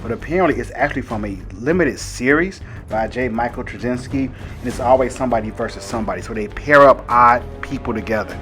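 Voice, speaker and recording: A man hosts a casual comic review, recapping the plot in a chatty, loose way with plenty of fillers. His voice sits at an ordinary middle pitch, and faint music plays beneath him. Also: fairly quick, few pauses, a bit bright. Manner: chatty, retelling the story with filler words. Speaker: comic book reviewer, host.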